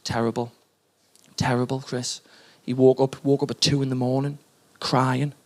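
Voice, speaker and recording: A man voicing a weary grandmother, flat and doom-laden in delivery. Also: mid-range voice, moderate pace, voice pushed down, lightly acted. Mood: gloomy.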